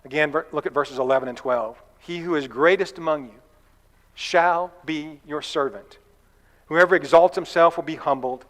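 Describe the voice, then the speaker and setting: A man delivering a sermon in a church, his voice sitting a little higher than most men's. He talks in a relaxed, conversational way, with folksy asides. The hall gives it a long, ringing reverb. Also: normal speed. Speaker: preacher.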